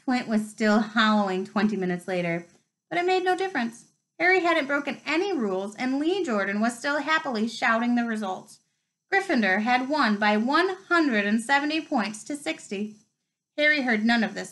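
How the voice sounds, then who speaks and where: A woman reading a novel aloud with expressive, lively storytelling. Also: fairly high pitch, rough recording. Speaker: reader.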